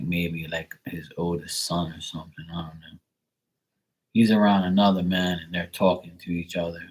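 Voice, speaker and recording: A man's voice: low voice, slightly rough, low-quality recording. A man giving a live psychic reading in a casual, rambling way, full of fillers and the odd swear word. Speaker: psychic reader.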